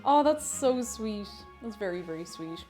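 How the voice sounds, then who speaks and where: A woman's voice: mid-range voice, expressive, measured pace, dark tone, faint music behind. A woman chatting casually and playfully while baking on a live stream, rambling and chuckling as she goes.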